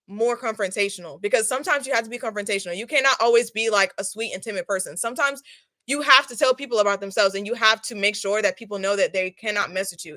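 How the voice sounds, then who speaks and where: A young woman chats to her camera in a storytime vlog, telling it with emphatic, animated energy and lots of "okay?" asides. Her voice is bright and clear, recorded close in a dry room with no echo. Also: mid-range voice. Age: young adult. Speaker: vlogger. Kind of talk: casual storytime while doing a face mask.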